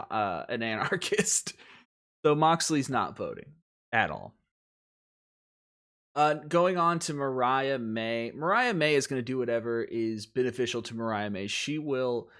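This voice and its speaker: Man, casual commentary host, rambling, chuckling, self-interrupting, animated pitch, mid-range voice.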